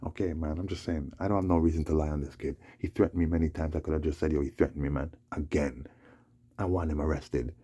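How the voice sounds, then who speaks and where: Male vlogger, rambling monologue, rough, husky and low. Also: fairly even intonation, quick pace, dark tone. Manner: rambling, agitated, repeats "you know what I'm saying". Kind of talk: casual storytelling monologue.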